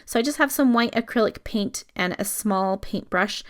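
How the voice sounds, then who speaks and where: A woman's voice: medium pitch, moderate pace. An adult woman chatting through a casual scrapbooking voice-over, explaining each step as she works. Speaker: scrapbooking video host.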